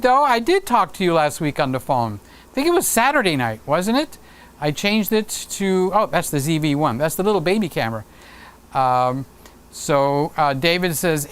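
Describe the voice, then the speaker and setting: A man's voice: on the high side, a bit bright, clean tone. A middle-aged man hosting a casual live stream, chatting folksily and reading viewer comments aloud. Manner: chatty and folksy, with frequent restarts and laughs. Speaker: livestream host.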